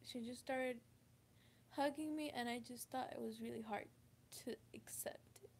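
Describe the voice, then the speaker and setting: A woman with a slightly high voice, gravelly at the edges, speaks straight to the camera. She tells a personal story in a halting, emotional way, stopping and restarting her sentences often. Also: fairly even intonation, slight background noise. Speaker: vlogger. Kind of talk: confessional storytime.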